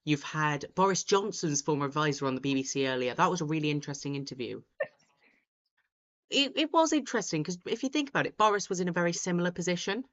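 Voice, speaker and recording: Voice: medium pitch, very animated, quick pace, fairly bright tone. Chatty live-stream host, dull lo-fi sound. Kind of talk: casual live commentary. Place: at home.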